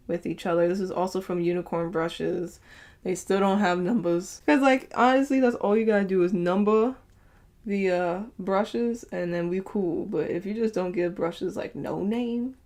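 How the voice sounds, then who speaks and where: A young woman chats through a makeup tutorial in a relaxed, upbeat way. Her voice sits on the low side, and she often laughs and fills pauses with "like" and "um". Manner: chatty, upbeat, laughs often, lots of fillers. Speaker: beauty vlogger.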